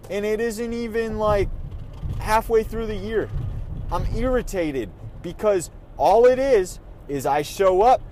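A man's voice: sits high, lively intonation, moderate pace, a little mellow, slight background noise, low-quality recording. A man vlogging from his car, ranting in an irritated, profane way while he drives. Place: in a car on the road.

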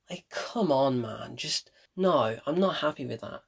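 A man's voice: medium pitch, animated, a little slow, vocal fry, few pauses, slightly rough. A man giving a casual, opinionated film review, blunt and emphatic, repeating his points for effect.

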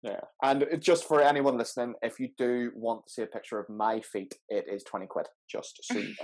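A man's voice: mid-range voice, fairly even intonation, brisk, a little mellow. A man hosting a podcast, joking and rambling in loose casual chat. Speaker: podcast host.

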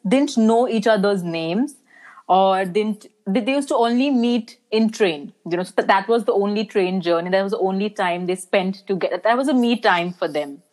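A woman's voice: medium pitch, moderate pace, darkish tone. A young woman, a brand manager chatting as a guest on a podcast, laughing often and saying "you know" a lot. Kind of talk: casual podcast interview.

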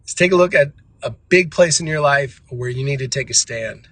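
A man's voice: medium pitch, moderate pace, fairly bright tone, husky, no room sound. A man hosting a motivational talk for dentists, speaking in an emphatic, repetitive, preachy way. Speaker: host of a motivational show for dentists. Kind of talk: motivational monologue.

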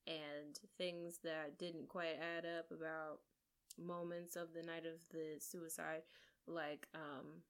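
A woman with a slightly low voice recaps a movie for a podcast, gushing as she goes. She talks casually and adds quick asides to the story. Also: level tone, smooth. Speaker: podcast co-host.

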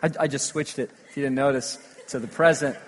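A man preaching a sermon, telling stories with lively emphasis that swings between loud declarations and hushed asides. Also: mid-range voice, brisk, a little hiss or hum. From United States. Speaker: pastor. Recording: long hall reverb.

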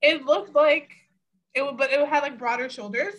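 A woman's voice: high-pitched, normal speed, dull audio. A woman co-hosting a podcast, telling stories casually and reading a closing message. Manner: storytelling, animated quoting. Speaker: podcast co-host. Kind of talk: casual chat and scripted sign-off.

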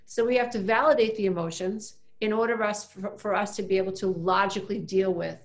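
A woman's voice: mid-range voice, steady tone, a little fast. Earnest emphatic woman guest. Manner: earnest, emphatic, repeats phrases. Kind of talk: casual interview talk.

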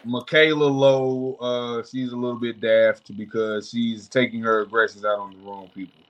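A man's voice: medium pitch, level tone, moderate pace, highs cut off. A man, a podcast co-host making wry, joking comments in casual chat.

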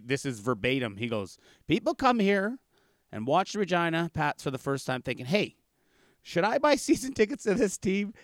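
A man telling hockey tales in a loose, animated way, loudly acting out the people in his stories. His voice is smooth and resonant, and the sound is dry and close. He is middle-aged and from Canada. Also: mid-range voice, no room sound. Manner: animated storyteller, acts out quotes loudly. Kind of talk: casual storytelling chat.

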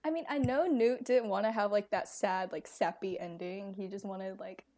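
A woman's voice: medium pitch, moderate pace, a little mellow. A young American woman in casual chat about books, gushing with lots of fillers. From United States. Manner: gushing, many fillers and laughs.

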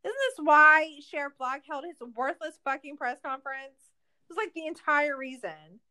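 A woman's voice: high voice, fairly even intonation, normal speed, bright, forceful tone. Exasperated, profane woman podcast host. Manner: ranting, exasperated, swears a lot. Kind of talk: casual recap chat.

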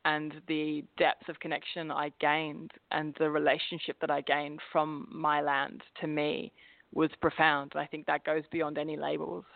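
English woman w/ aussie twang on a phone line, gravelly, laughs a lot. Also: sits low, unhurried, dry recording. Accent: English with an Australian twang. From England. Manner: expressive, laughs often. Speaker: guest. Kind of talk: casual interview chat.

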